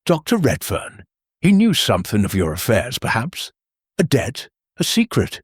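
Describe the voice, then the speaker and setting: A man voicing a shrewd, gentle detective with soft, deliberate questioning. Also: medium pitch, wildly swooping pitch, husky, dry recording, clean studio sound. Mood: probing.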